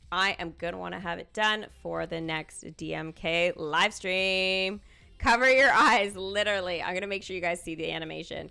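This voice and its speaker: A woman live-streaming a mobile game, chatting casually and excitably while greeting her chat. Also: mid-range voice, clear, resonant tone. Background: faint music.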